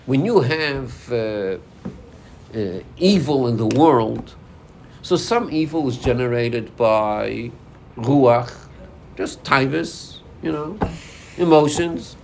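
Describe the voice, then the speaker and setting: A man's voice: mid-range voice, slight background noise. A man teaching an informal Torah class, acting out inner voices and dialogues as he explains.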